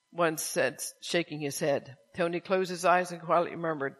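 A man preaches with a slightly high voice. He reads a story aloud, then turns to his listeners with pointed rhetorical questions about forgiveness. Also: fairly even intonation, moderate pace, few pauses, pushed and bright. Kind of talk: sermon with story reading.

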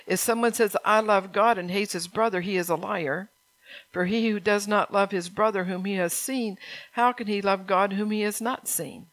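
A woman's voice: mid-range voice, normal speed, dry recording, rough recording. A woman preaching a sermon in a folksy, earnest way, often laughing between points.

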